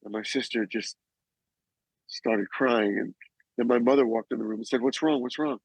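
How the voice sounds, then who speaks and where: A man in his sixties, a guest, slowly recounting a personal loss with halting pauses and restarts. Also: fairly low pitch, steady tone, gravelly, no room sound, rough recording. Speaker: guest, actor and author. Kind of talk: emotional personal storytelling.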